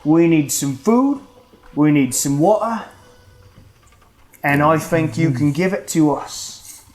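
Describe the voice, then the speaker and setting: A man voicing a gruff, threatening male desert orc leader in a tabletop game, with a slow, menacing drawl. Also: on the high side, lively intonation, darkish tone, soft background music. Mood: demanding.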